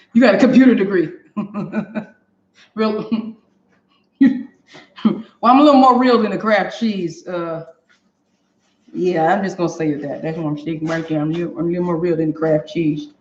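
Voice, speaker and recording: A woman's voice: fairly low pitch, measured pace, long pauses. Chatty woman hosting a kitchen stream. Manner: chatty, talks straight to viewers, laughs often. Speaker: cooking show host. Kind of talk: live-streamed cooking demo. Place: home kitchen. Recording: echoey kitchen, dull lo-fi sound.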